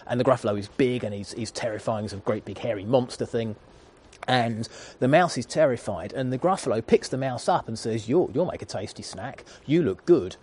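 A man's voice: on the low side, a little mellow, husky. A man in his thirties preaching a sermon, retelling a children's story in an earnest storytelling manner.

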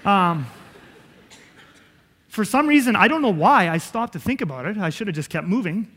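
A man's voice: high voice, lively intonation, normal speed, a bit bright, big-room sound. A man preaching a sermon as pastor, earnest and conversational, with self-deprecating asides.

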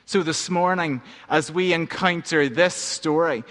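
High-voiced man telling a sermon story. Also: unhurried, a bit bright, long reverb tail. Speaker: pastor.

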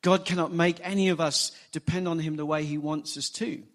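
A man preaching a sermon, animated and emphatic, acting out quoted lines. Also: on the high side, a little fast. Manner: animated preaching, rising emphasis, quotes scripture in acted voices. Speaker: pastor.

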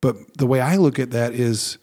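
A man's voice: mid-range voice, normal speed, darkish tone. A man, a pastor, talking in a casual faith podcast with an earnest, reflective manner and frequent fillers and restarts.

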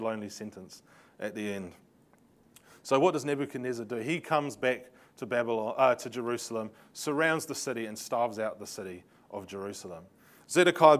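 A man teaching a Bible lesson with slides, telling the story in a lively way with laughing asides and sarcastic remarks. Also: medium pitch.

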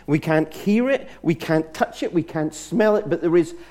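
A man preacher delivering a sermon in an animated storytelling manner, with frequent restarts. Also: fairly high pitch, normal speed.

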